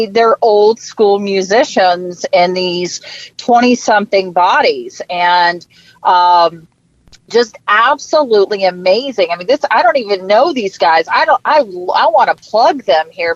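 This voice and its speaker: A woman author from Florida talks as a podcast guest, eager and full of hesitant fillers. Her pitch sits in the middle range, and her voice comes through a dull, muffled line that sounds dry. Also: dry recording. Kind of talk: casual interview chat.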